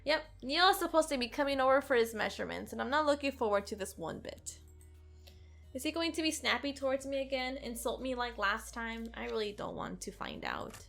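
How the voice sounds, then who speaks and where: Woman, let's play host, reading a visual novel aloud, sarcastic, soft music behind. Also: on the high side, a little fast, vocal fry. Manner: expressive, sarcastic, occasional giggles.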